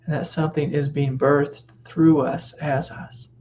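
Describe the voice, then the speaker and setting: A middle-aged man giving a spiritual teaching talk in a gentle, reflective way, sometimes dropping into soft reassuring whispers. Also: a little high, flat delivery, measured pace, lo-fi sound, a little hiss or hum.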